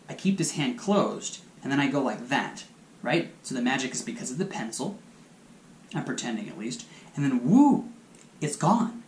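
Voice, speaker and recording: A man's voice: medium pitch, slight background noise. Male tutorial host, mid-range voice, casual and instructive, echoey room. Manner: chatty and instructive, talks viewers through hand moves. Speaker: magic channel host.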